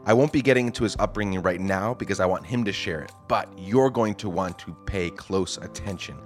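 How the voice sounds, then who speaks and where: A podcast host with a groggy morning voice jokes around in a casual, self-deprecating manner during a conversational interview. He speaks low-pitched and a little fast over soft background music.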